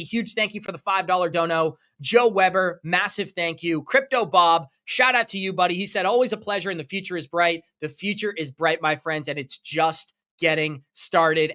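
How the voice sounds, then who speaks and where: A man's voice: high-pitched, bright, forceful tone. A man hosting a crypto live stream, upbeat and effusive as he thanks viewers by name for their donations. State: running out of breath. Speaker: crypto livestream host.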